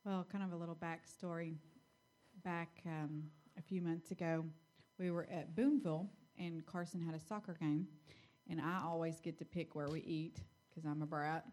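A woman telling a personal testimony story in church, chatty and quick-paced. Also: sits low, steady tone, darkish tone.

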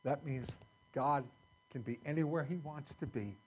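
A man's voice: on the high side, moderate pace, a little mellow, a little hiss or hum, low-quality recording. A man pastor preaching a sermon in a folksy, conversational way, quoting scripture to his congregation. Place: church sanctuary.

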